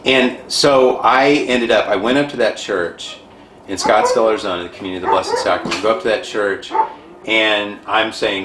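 A man guest on an interview show, animated and self-described dramatic, telling a personal story. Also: on the low side, a little fast. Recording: echoey room, faint background noise.

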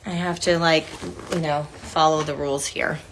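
A woman's voice: sits low, steady tone, moderate pace, slight background noise. A tired woman in her forties chatting on a phone livestream in a room at home, reading fan cards aloud and filling her talk with "like". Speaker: actress thanking fans on a livestream. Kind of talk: casual livestream chat. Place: indoor room with couches.

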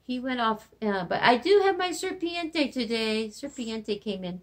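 Slow, gentle woman teaching kindergarten Spanish. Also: a little high. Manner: slow, gentle teacher talk to young children, mixing Spanish words into English. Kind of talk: children's lesson with songs.

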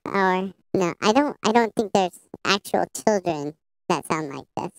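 A man testing a voice changer that pitches him up into a squeaky childlike voice, joking about how it sounds. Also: animated, unhurried, vocal fry, no echo, full character voice, low-quality recording. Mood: amused. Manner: amused, commenting on the effect. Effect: high child voice-changer.

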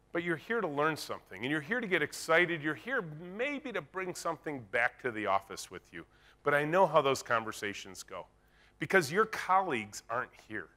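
A man's voice: medium pitch, bright, forceful tone. A man giving a conference keynote, telling a story and acting out the dialogue in it. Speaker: keynote speaker. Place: conference stage.

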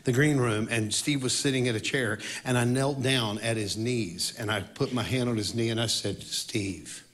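A man who is a worship leader, telling a story in a sermon and swinging between loud outbursts and quiet reflection. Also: medium pitch, fairly even intonation, normal speed.

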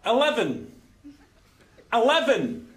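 An actor with a Scottish accent playing an exasperated man trapped in a lift, sardonic and quick to shout. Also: very high voice, wildly swooping pitch, full character voice. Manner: sardonic, escalating into furious shouting. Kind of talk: sketch comedy acting. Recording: studio audience laughter over background noise.

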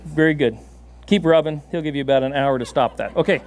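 A man preaching a sermon in a church, animated and laughing often, giving commands to a dog on stage. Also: fairly high pitch, fast talker. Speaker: pastor. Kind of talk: sermon with a live dog demonstration. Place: church sanctuary.

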